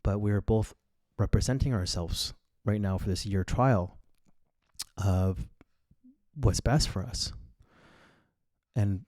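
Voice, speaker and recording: A podcast host in his thirties tells a story in a casual monologue, blunt, crude, boastful and full of swearing. His voice is fairly low and a little mellow, and he speaks slowly with long pauses. There's no room sound.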